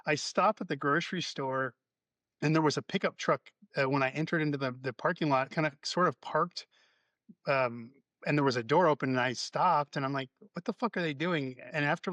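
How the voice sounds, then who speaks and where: Profane, animated male storyteller. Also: fairly high pitch, dry recording. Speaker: podcast guest, therapist. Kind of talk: casual storytelling interview. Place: Florida.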